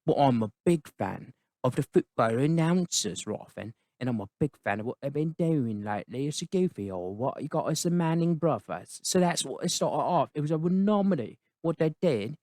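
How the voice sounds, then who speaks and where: A man's voice: fairly high pitch, lively intonation, moderate pace, dark tone, no room sound. A man voicing a cheeky, rambling adult British fixer in a put-on British accent, dropping slang tags as he chatters. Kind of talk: comedic character review.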